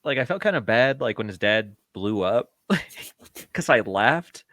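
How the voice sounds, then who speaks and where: A man in a relaxed podcast chat about a movie, riffing on jokes with his co-host and laughing easily. He speaks at an ordinary middle pitch. The sound is dry and close-miked. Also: a little slow, no echo. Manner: laid-back, laughs a lot, riffs on jokes. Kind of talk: casual film-review chat.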